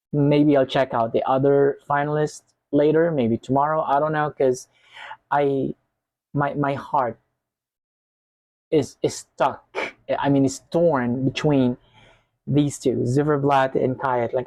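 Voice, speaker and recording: A man in a reaction vlog who gushes and gets emotional, speaking to his viewers. He talks slowly and takes his time. His voice is close and dry, with no room sound. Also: medium pitch, little pitch movement, a little mellow, dry recording, poor audio. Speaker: reaction video host.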